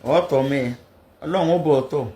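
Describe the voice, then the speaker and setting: A man's voice: fairly high pitch, mellow. A man delivering a moral scolding packed with proverbs and repeated refrains. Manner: preachy, proverb-laden, rapid.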